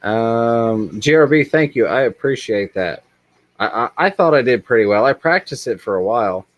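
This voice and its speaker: A man's voice: mid-range voice, expressive, moderate pace, no room sound. A man hosting a casual livestream, reading chat aloud and rambling with many ums. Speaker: livestream host.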